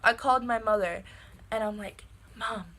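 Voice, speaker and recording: A young woman telling a personal story in a casual, animated way, with lots of "like" fillers. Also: mid-range voice, a little slow. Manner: animated, filler-heavy with frequent "like".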